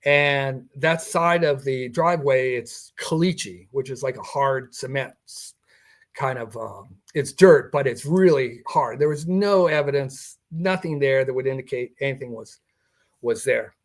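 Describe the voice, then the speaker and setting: A man's voice: medium pitch, unhurried. An older man telling a personal story in a podcast interview, acting out the dialogue and chuckling as he goes. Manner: recounting a personal encounter with quoted dialogue and chuckles. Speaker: guest.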